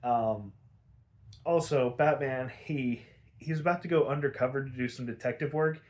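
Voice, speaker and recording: A man's voice: mid-range voice, normal speed, a little mellow. A young man hosting a podcast, recapping a cartoon episode in a loose, chatty way, full of fillers, swearing and laughter. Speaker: podcast host.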